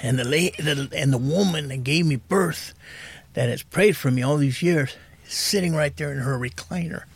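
Gravelly, husky-voiced man in his 50s, soft-spoken guest sharing a raw personal story. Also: on the high side, moderate pace. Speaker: podcast guest in recovery.

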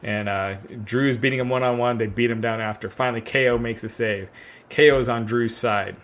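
A man's voice: medium pitch, steady tone, fairly quick, a bit bright. A man co-hosting a casual wrestling chat, rambling with many "uh"s and restarts while sipping wine. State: drinking wine, relaxed. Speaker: podcast co-host.

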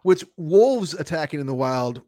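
A man's voice: a little high, animated, mellow, no room sound. Rambling man in dry movie chat. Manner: rambling, halting, with many restarts and fillers. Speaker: podcast co-host. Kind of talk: casual movie review chat.

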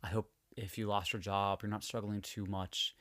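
A man's voice: on the low side, level tone, moderate pace, fairly bright tone, dry recording, studio quality. A man hosting a podcast in a candid, emotional monologue, swearing freely as he rants. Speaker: podcast host. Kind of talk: casual podcast chat.

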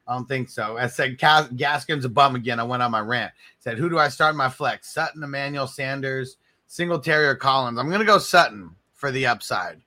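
A man hosting a casual live stream, answering viewers and giving hyped shout-outs. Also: medium pitch, a little fast. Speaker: livestream host.

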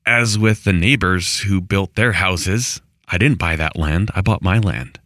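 The middle-aged rural homestead vlogger has a low voice with a bit of brightness and speaks a little slowly. His casual monologue to camera wanders, with restarts and exasperated asides, in a dry, studio-quality recording.

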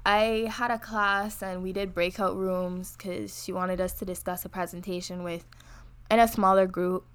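A young woman from Barbados with a Barbadian accent, co-hosting a podcast in casual, animated chat. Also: fairly low pitch, clear, resonant tone. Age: young adult. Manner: animated, chatty, quick to laugh. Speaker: podcast co-host.

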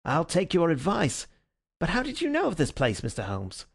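A man reading a story aloud, voicing an indignant police inspector in a raised, higher voice. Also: huge pitch swings, normal speed, gravelly, breathy edge, full character voice. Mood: grateful. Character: angry blustering police inspector, middle-aged man.

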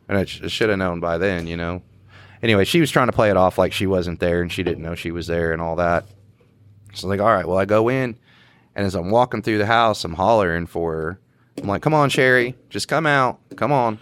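Male podcast cohost, very low voice, dry close mic, relaxed storyteller. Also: clear, resonant tone, no room sound. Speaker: podcast co-host, police officer. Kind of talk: casual storytelling.

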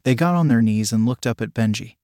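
A man reading an erotic story aloud in a steady, unhurried voice. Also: mid-range voice, dry recording, clean studio sound. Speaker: narrator.

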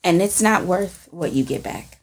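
A woman co-hosting a casual discussion, animated and emphatic, with dramatic pauses. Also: on the low side, slightly rough.

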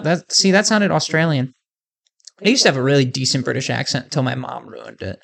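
A man's voice: mid-range voice, expressive, a little fast, vocal fry, fairly bright tone. A man hosting a podcast in a casual, rambling, joking way, with lots of filler words. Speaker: podcast host.

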